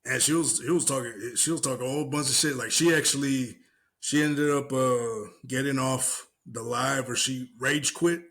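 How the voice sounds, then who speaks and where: A man's voice: medium pitch, normal speed. A young man co-hosting a podcast, retelling an online argument in casual, profane slang and mimicking the people in it. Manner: animated retelling with mimicked voices, cursing, laughing. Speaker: podcast co-host. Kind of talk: casual chat.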